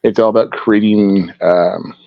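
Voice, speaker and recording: A man's voice: on the low side, steady tone, measured pace, gravelly, no echo. A man, a guest artist, chatting in an interview and telling rambling stories full of restarts. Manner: rambling, warm storytelling with restarts. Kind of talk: casual interview chat. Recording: dull, dry lo-fi sound.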